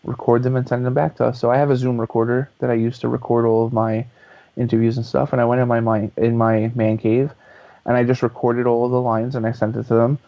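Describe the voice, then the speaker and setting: A man's voice: medium pitch, a little fast, no room sound. Chatty man telling a story, dull sound. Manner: lively, chatty, swears freely. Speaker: guest, author and voice actor. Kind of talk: casual storytelling in a podcast interview. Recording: dull lo-fi podcast audio.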